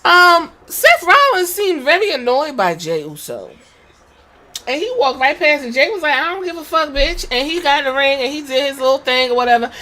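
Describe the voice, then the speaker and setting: A woman with a slightly high voice hosts a podcast and recaps a wrestling show in loose, casual talk. She swears freely and tells the story with lively energy, slipping into quick impressions of the people she describes. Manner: profane, animated storytelling with quoted impressions. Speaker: podcast host.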